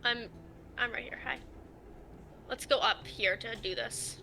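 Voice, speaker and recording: Easygoing woman chatting mid-game, bright tone, faint noise behind. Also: on the high side, unhurried, gravelly. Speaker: game co-player. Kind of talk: casual gaming chat.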